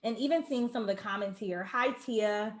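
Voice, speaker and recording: A woman's voice: mid-range voice, moderate pace, roomy sound. A woman hosting an online launch party over a video call, effusive and emotional, greeting viewers by name.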